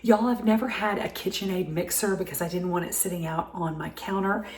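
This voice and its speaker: A woman's voice: fairly low pitch, fairly even intonation, brisk, darkish tone, reverberant. A middle-aged woman with a Southern American accent, hosting a home cooking show in a cheerful, chatty, folksy way from her kitchen.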